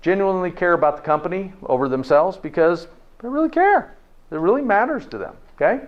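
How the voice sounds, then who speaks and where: A man's voice: sits high, animated, brisk. A man giving a live health lecture to an audience in a folksy way, tagging his points with "okay?" and asking the room questions. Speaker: health presenter. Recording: dull lo-fi recording.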